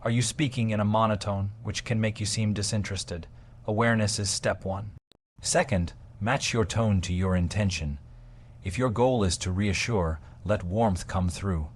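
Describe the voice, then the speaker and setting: A man with a fairly low voice delivers a scripted motivational talk about listening and tone. He speaks in measured, emphatic phrases and pauses deliberately between points.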